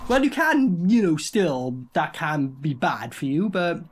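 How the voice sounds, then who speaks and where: A man's voice: a little high, very animated, measured pace, noisy background. A man reviewing a film in casual reaction commentary, blunt, sweary and rambling.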